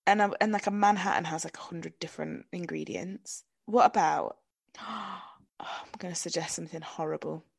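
A woman co-hosting a podcast in casual chat, teasing her co-host playfully and reacting quickly, often with gasps. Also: fairly low pitch, creaky, slightly rough, dry recording.

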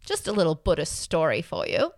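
A woman's voice: on the low side, huge pitch swings, fairly quick, no room sound, studio quality. A young woman co-hosting a casual chat podcast, telling stories animatedly and acting out quotes in playful voices. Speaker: podcast co-host.

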